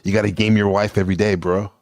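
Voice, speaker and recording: A lowish male voice with a dry, close sound. He hosts a casual panel show, ribbing his guests in loose, profane banter. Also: little pitch movement, quick pace, vocal fry, a little mellow, dry recording. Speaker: host.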